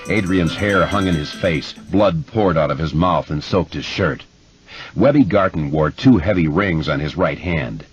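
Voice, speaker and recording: Deep-voiced man narrating a horror audiobook. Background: music.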